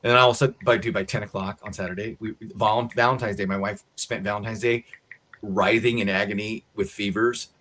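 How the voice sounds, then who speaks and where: An American man, co-host of a casual talk show, telling a story in a lively way and acting out the voices of the people in it. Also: on the low side, fairly quick. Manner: animated storyteller acting out quotes.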